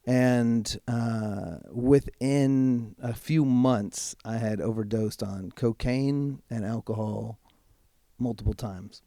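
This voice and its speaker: Dark-voiced man telling a candid story. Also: mid-range voice, dry recording. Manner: frank and casual, swears freely; slows right down for emphasis. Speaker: podcast guest. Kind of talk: candid personal storytelling in conversation.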